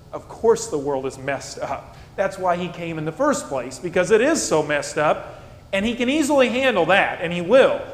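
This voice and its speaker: A man preaching a sermon as pastor, asking rhetorical questions and swinging between soft, low passages and emphatic peaks. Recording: echoey hall with faint rumble.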